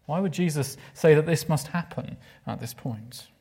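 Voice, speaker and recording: A man preaching a sermon, expressive and asking his listeners questions, sometimes dropping to a hushed voice. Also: fairly high pitch, moderate pace, vocal fry, breathy edge. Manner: expressive, drops to a hushed voice for emphasis; asks the listeners rhetorical questions.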